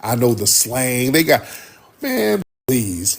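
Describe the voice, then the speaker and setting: A man's voice: mid-range voice, big pitch swings, slow, gravelly, a little hiss or hum. A man hosting a live stream, talking emphatically and repeating his points for effect. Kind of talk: heated livestream commentary.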